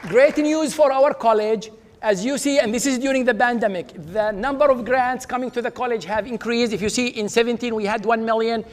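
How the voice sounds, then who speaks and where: High-voiced man hosting an awards ceremony. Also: steady tone, fairly quick. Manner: upbeat, leads applause, names honorees. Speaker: dean presenting awards. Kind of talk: ceremony speech. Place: large auditorium. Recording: reverberant auditorium with audience.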